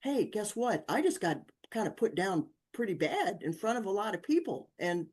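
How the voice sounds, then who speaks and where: An older woman, an author appearing as a guest on a talk show or podcast, tells personal stories in casual chat at a moderate pace. She's animated, acting out the voices of people in her stories with big pitch jumps and laughing often.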